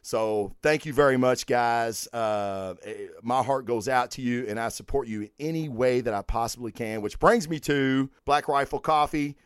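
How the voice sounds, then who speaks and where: A man's voice: medium pitch, normal speed, hardly any pauses, smooth, dry recording, studio quality. A man hosting a podcast, talking casually and profanely through sponsor plugs and giveaway news in emphatic bursts. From United States. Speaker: podcast host.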